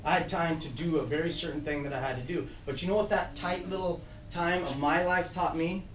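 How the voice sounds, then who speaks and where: A middle-aged man speaks to a room of young trainees in a fairly high voice. He gives a motivational talk and tells animated stories from his own life. He is picked up from a distance, and the room echoes around him. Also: brisk, slight background noise. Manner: storytelling, animated, laughing through funny parts. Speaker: program director speaking to youth trainees. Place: room with an audience.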